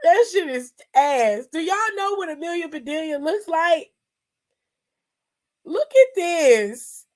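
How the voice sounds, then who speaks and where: High-voiced woman ranting with laughter. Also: big pitch swings, takes it slowly, darkish tone. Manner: exasperated, laughing between lines, swearing. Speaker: show host. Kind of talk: casual reaction commentary.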